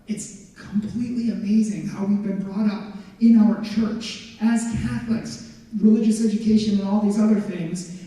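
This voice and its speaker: Young man, casual testimony talk, higher-pitched voice, very dark mellow tone, chatty with lots of filler, echoey distant hall. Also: normal speed. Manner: casual and chatty, full of "like" and "legit". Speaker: guest speaker. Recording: echoey hall, voice heard from far off.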